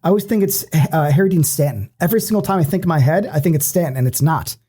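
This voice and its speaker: Man, podcast co-host, mellow tone, casual film chat, animated, swears a lot. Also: on the high side, quick pace, slightly rough. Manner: animated, swears freely, many restarts. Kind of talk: casual movie-discussion chat.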